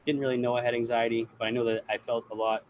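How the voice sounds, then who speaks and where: A man from the US East Coast tells stories in a casual podcast chat, swearing freely and acting out what people said. His voice sits at a middle pitch. A faint noise runs under the recording. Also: little pitch movement, very fast, lo-fi sound. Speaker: guest grower.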